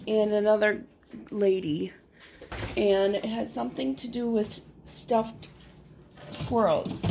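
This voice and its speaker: A woman's voice: medium pitch, noisy background. A woman talking casually in a rambling, easygoing morning vlog at home by a window. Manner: rambling, easygoing, drifts into whispers. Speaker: vlogger.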